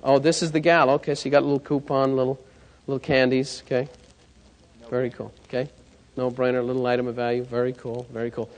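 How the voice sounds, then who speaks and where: Speaking at a quick pace in a medium pitch, this man tells stories and checks in with his listeners during a live sales coaching seminar. His delivery is lively, and the sound has long reverb from the hall.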